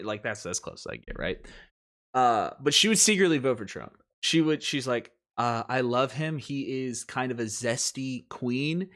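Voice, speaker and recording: Rambling man with lively pitch. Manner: rambling, chuckling, self-interrupting. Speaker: wrestling commentary host. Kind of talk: casual commentary.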